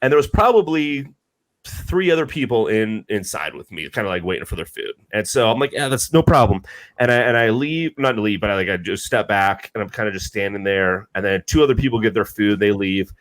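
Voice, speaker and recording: A man's voice: on the low side, expressive, fairly quick, fairly bright tone, no echo, poor audio. A man on a podcast telling a long everyday story, with frequent restarts and fillers. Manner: rambling storyteller, many restarts. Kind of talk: casual chat.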